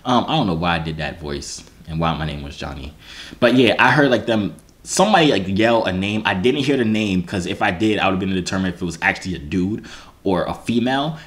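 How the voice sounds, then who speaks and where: Animated young man telling a story. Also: low voice, brisk. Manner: animated, slangy, self-mocking, full of restarts and "you feel me". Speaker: vlogger. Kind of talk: casual storytelling to camera.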